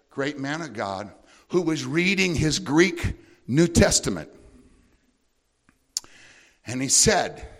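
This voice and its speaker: A bright, gravelly man preaching from the pulpit. His voice sits a little high and carries a hard, forceful edge. He swings between shouted, sing-song praise and slow, deliberate readings of scripture. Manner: builds to shouted, sing-song praise then drops to a low teaching tone; reads scripture slowly and deliberately. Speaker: pastor. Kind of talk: sermon.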